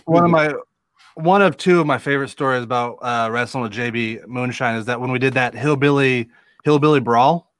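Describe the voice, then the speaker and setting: A man's voice: mid-range voice, fairly quick, a bit bright, no room sound. A man, a wrestler, telling stories in a rowdy casual chat and swearing freely. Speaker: guest, wrestler. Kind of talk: casual storytelling.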